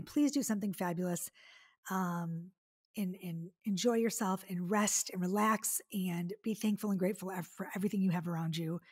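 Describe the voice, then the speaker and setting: Husky chatty woman podcast host. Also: on the low side. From Detroit area. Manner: chatty and effusive, many fillers. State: tearful. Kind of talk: casual solo podcast monologue.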